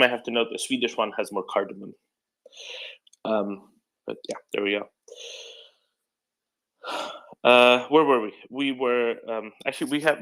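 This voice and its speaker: A man's voice: mid-range voice, fairly bright tone, low-quality recording. A man hosting a live audio discussion, talking casually in rambling bursts with many restarts. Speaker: host of a live audio space.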